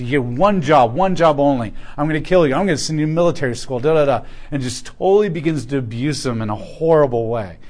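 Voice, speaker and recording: A male pastor preaching a sermon in a conversational, storytelling way, putting questions to the congregation. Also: mid-range voice.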